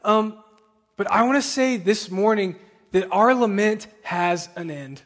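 A man delivers a sermon in a church, earnest and at times impassioned. His voice sits high for a man and he takes his time. The sound carries the long reverb of a large hall. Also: unhurried, a bit bright. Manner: earnest, rising to impassioned pleading. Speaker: pastor. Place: church sanctuary.

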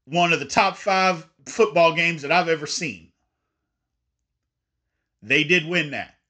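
A man hosting an opinionated sports talk show, high-pitched and swinging widely up and down as he argues his points. His tone is bright and forceful, and he talks emphatically, sometimes slipping into mock voices of fans. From Indiana. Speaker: sports podcast host.

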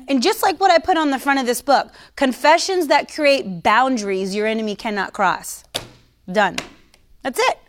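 A woman with a fairly high voice gives an informal faith teaching straight to her followers. She talks in a relaxed, conversational way, stresses her points hard, and slips into mockery now and then. She stops for sips of coffee between thoughts. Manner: conversational, mocking, emphatic; sips coffee while talking. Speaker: Christian teacher. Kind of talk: casual livestream teaching.

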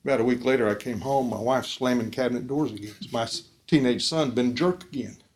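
A man giving an earnest preaching talk at a forum, asking the audience questions and swinging between loud emphasis and soft, quiet lines. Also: mid-range voice, quick pace. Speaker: speaker at a discipleship forum.

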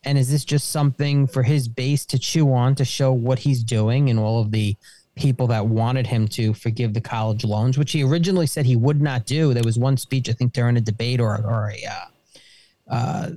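A middle-aged man and small business owner talking casually on a podcast, halting and repeating himself as he talks. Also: mid-range voice, fairly even intonation, dark tone, no echo. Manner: halting, repeats words and restarts. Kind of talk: casual political chat.

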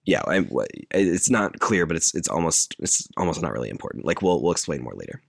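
Low deep guy on a podcast, halting and loose, dry close sound. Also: sing-song, creaky, breathy edge, no room sound. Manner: halting, loose, with many fillers. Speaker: podcast co-host. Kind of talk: casual chat, retelling a movie plot.

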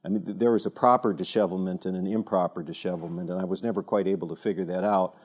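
Guy with a lowish voice doing a casual church talk, joking at himself, keeps restarting his sentences. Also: fairly even intonation, a little mellow, breathy edge. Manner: self-deprecating humor, halting restarts. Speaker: speaker at a church teaching evening. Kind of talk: informal storytelling talk.

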